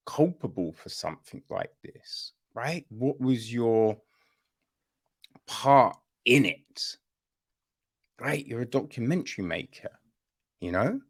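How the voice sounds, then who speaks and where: A podcast host gives a casual spoken review of a play, speaking slowly and easily in a medium-pitched voice that bounces up and down. He keeps asking "right?" and "you know?" and apologizes to listeners after a coughing fit.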